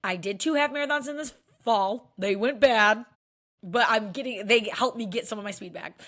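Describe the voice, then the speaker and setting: A woman's voice: on the high side, normal speed, fairly bright tone. A woman in her thirties talking candidly to camera in a casual personal vlog, chatty and full of "like" fillers. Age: 30s. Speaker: vlogger.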